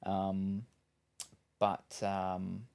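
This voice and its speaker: A man's voice: low voice, completely flat delivery, extremely slow, gravelly, a little mellow, clean tone. A man chatting casually while unboxing gear, rambling with lots of ums and asides. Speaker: streamer.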